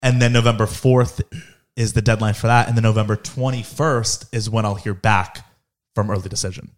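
A man in his twenties chatting casually, frank and relaxed, swearing freely. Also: lowish voice, normal speed. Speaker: co-host, law school applicant. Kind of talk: casual family chat.

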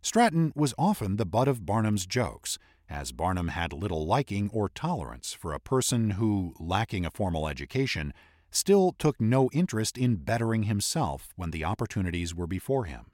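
A man's voice: fairly low pitch, sing-song, moderate pace, darkish tone, no room sound, studio quality. A man narrating a history podcast in a scripted, explanatory storytelling manner.

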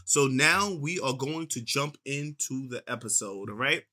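A man's voice: medium pitch, lively intonation, unhurried, bright, forceful tone. A man co-hosting a podcast in casual banter, upbeat and laughing often as he hypes up segments. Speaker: podcast co-host.

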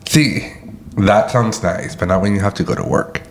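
A man's voice: fairly low pitch, moderate pace, gravelly, a little hiss or hum. Swearing, ranting man on a podcast. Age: 30s. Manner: rants and swears, jokingly dramatic. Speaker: podcast co-host. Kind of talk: casual chat.

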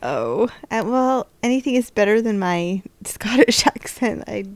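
A woman's voice: mid-range voice, very animated, unhurried, no echo. A woman guesting on a podcast in casual chat, chatty and rambling.

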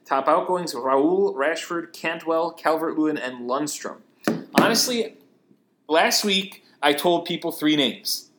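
A man co-hosting a laid-back sports podcast. His voice sits a touch high, and he talks in loose, chatty runs. He laughs often and rattles off names and numbers. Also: takes it slowly, fairly bright tone, slight background noise. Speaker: podcast co-host. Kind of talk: casual sports podcast chat.

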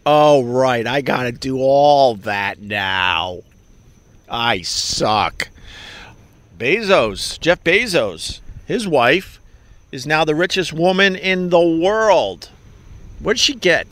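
A man's voice: a little high, fairly bright tone. A man hosting a podcast, talking in a rambling, profane and self-mocking solo monologue. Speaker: podcast host.

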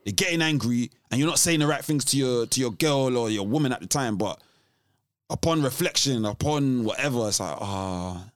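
A man co-hosting a podcast in casual chat, animated, often restarting his sentences. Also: medium pitch, brisk, no echo, studio quality. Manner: animated, restarts often, laughs between points. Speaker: podcast co-host.

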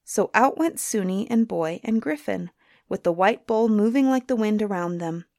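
A woman storyteller reading a storybook aloud in an expressive, gently animated way. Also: medium pitch, normal speed, vocal fry, dry recording, clean studio sound.

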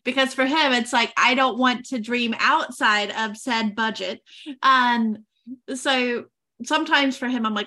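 Bright-voiced woman podcast host. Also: a little high, unhurried. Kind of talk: interview conversation.

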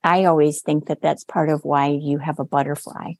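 A woman with a deep, mellow voice speaks slowly and thoughtfully, affirming her co-host. Her words come in a dry, close setting without room echo. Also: flat delivery. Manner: gentle, affirming, measured. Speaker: podcast co-host, nurse coach. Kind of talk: warm reflective podcast conversation.

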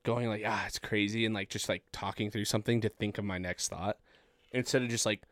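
A young man with a fairly low voice talks loosely on a podcast, piling up filler words and the odd curse. The sound is close and dry, with no room around it. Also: fairly even intonation, fairly quick, fairly bright tone, no echo. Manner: rambling, lots of fillers, profane. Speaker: podcast host. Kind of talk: casual podcast chat.

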